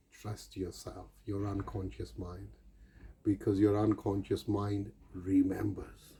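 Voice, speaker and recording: A man's voice: on the low side, dark tone, a little hiss or hum. A man giving an earnest motivational talk, coaching his listeners and calling them guys. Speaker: self-help speaker.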